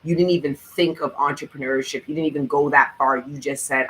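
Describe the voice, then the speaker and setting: A man's voice: fairly high pitch, fairly even intonation, brisk, hardly any pauses, bright, forceful tone, slight background noise, low-quality recording. A man giving a tarot reading in a vlog, speaking in an emphatic, profane, motivational way and repeating his encouragement with fervour. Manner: repetitive, fervent encouragement. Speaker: tarot reader.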